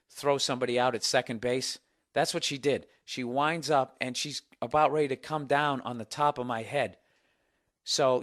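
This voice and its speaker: A man hosting a podcast, telling a story in a comedic monologue, profane and animated as he rants. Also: medium pitch. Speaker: podcast host.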